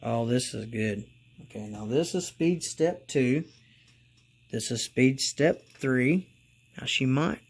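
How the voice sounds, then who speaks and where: A man hosting a casual hobby review video, talking slowly and rambling, getting excited and calling out to his viewers as guys. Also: mid-range voice. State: congested from allergies. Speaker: model railroad channel host.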